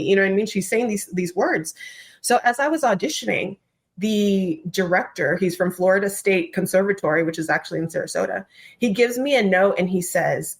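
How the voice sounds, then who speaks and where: A woman, a trained actor, who is a podcast guest, telling a story in casual, expressive chat and swearing now and then. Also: medium pitch, a little fast.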